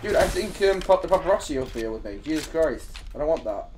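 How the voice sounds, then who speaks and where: Excitable gamer guy, lively voice. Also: on the high side, fast, noisy background. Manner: excitable, joking, with sudden yelps. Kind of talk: casual gameplay commentary.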